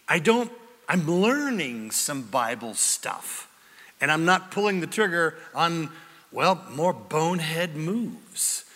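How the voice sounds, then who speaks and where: Male pastor, high lively voice, bright tone, jokey sermon delivery. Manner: animated, jokey, acts out quoted voices. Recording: echoey hall.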